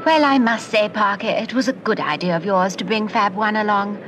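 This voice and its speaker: A woman's voice: mid-range voice, moderate pace, close to an everyday voice. Lady Penelope, a woman playing a posh lady agent. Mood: breezy. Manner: posh, languid, gushing. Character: glamorous aristocratic English lady secret agent. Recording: old TV soundtrack with loud hiss.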